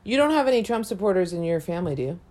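A young woman from upstate New York chatting casually as a co-host, blunt and animated, swearing freely. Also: fairly low pitch, rapid-fire. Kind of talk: casual chat. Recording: faint background noise.

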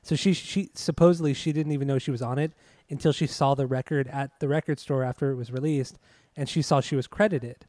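A man's voice: mid-range voice, steady tone, a little fast, few pauses, dark tone, no echo. A man co-hosting a podcast, casually recounting a story with hesitant, rambling asides and swearing. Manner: rambling, hesitant, profane, many fillers. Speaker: podcast co-host. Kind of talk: casual chat, recounting music history.

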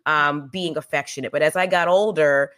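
A woman's voice: low-pitched, fairly even intonation, moderate pace, fairly bright tone. A woman co-hosting a podcast, sharing personal stories in an emphatic, candid way with frequent restarts. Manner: emphatic, storytelling with many restarts. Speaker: podcast co-host. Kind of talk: candid conversational chat.

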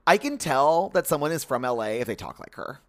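A man co-hosting a podcast, chatting casually and joking around, sometimes slipping into soft mock voices. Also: on the high side, a little fast. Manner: animated, jokey, drifts into soft mock voices. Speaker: podcast co-host. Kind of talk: casual chat.

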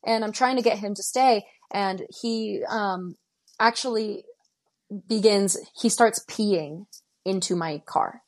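A woman's voice: medium pitch, slow pace. Guest: woman in her twenties from Denver, recounting events in present tense and voicing each line of dialogue. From Denver, Colorado. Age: 20s. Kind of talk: recounting a personal story.

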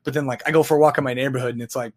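A man's voice: mid-range voice, fairly even intonation, very fast. A man in casual conversation who talks in a reflective, rambling way and often restarts his phrases.

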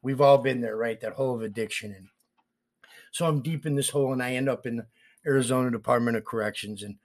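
A man's voice: medium pitch, fast. A man in recovery sharing a sincere, folksy story in casual conversation, grateful to his friend. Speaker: guest in recovery.

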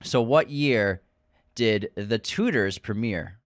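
A man's voice: fairly low pitch, animated, slow pace, no room sound, studio quality. A man co-hosting a podcast in casual chat, teasing his partner and running a quiz. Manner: teasing, quizzing. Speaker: podcast co-host.

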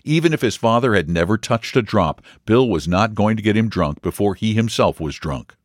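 A man reading a story aloud as narrator, measured and expressive. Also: lowish voice, no echo, studio quality. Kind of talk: audiobook reading.

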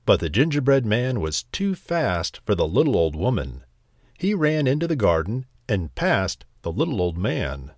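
A man narrating a bedtime story slowly and gently. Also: lowish voice, big pitch swings, dry recording, studio quality.

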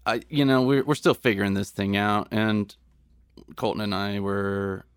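Low-voiced jokey male co-host. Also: steady tone, moderate pace, smooth, no echo, clean studio sound. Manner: jokey, rambling. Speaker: podcast co-host. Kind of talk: casual comedy chat.

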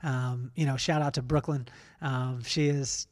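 A man's voice: mid-range voice, steady tone, measured pace. A man in his forties hosting a podcast, telling casual, self-deprecating stories with many restarts. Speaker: podcast host. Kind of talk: casual storytelling interview.

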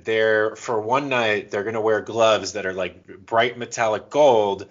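A man from Florida co-hosting a podcast in casual chat, joking and animated. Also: measured pace, hardly any pauses, dull audio. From Florida, USA. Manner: joking, animated, jumps up in pitch. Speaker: podcast co-host.

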